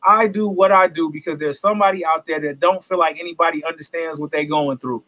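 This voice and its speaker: Earnest high-voiced man, reflective. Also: fairly even intonation, quick pace, pushed and bright. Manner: earnest, reflective, preaching-like emphasis. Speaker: independent hip hop artist, guest. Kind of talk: casual interview talk.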